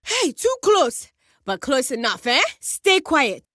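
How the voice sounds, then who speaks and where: A teasing South African woman agent from a video game, tossing off slangy lines in an unhurried way. Her voice is bright and high, with lively swings in pitch, and the recording is dry and close. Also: dry recording, exaggerated voice. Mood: breezy teasing.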